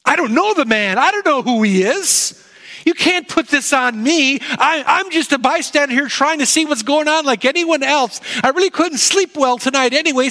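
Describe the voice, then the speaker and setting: A man's voice: extremely high pitch, bright, forceful tone, pitched above the performer's own voice. A man voicing the apostle Peter as frightened and remorseful, pleading and reproaching himself. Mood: defensive. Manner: anxious, pleading, self-reproaching. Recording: echoey hall.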